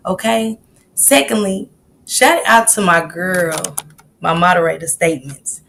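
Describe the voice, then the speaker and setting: A woman hosts a casual live stream. She chats in a lively way and greets viewers in the chat one by one by name. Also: on the low side, normal speed, slight background noise.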